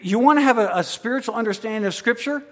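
A man preaching a sermon as pastor, swinging between loud emphatic declarations and quiet, intimate asides. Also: extremely high pitch, fast. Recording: long hall reverb.

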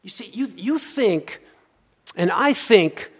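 A male pastor preaching a sermon, swinging between loud urgency and hushed, quiet passages. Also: sits high, animated, takes it slowly, slightly rough. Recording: long hall reverb.

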